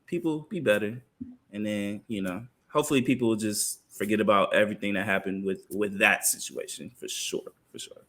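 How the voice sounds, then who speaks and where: A young man co-hosting a podcast, talking in loose, slangy, animated chat. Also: fairly low pitch, fairly quick, slight background noise. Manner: animated, slangy, laughs often. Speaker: podcast co-host. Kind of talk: casual chat.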